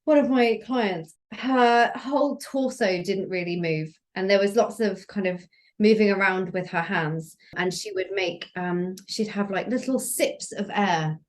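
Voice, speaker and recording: A woman somatic practitioner talking calmly and gently as a podcast guest, explaining body practices. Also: mid-range voice, a little slow. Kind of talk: relaxed podcast conversation.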